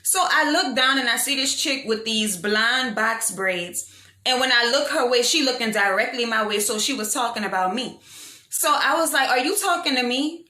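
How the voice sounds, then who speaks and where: A young woman telling a storytime vlog in a frank, animated, slangy way, poking fun at herself. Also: a little high, moderate pace. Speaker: vlogger. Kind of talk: casual storytime monologue. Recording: echoey room.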